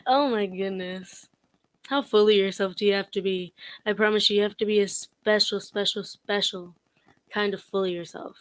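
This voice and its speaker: A young woman chatting to camera in a sassy, blunt commentary style. She laughs often and mocks freely, her pitch sitting in an ordinary middle range. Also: steady tone, moderate pace, dry recording. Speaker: commentary vlogger. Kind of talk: casual commentary chat.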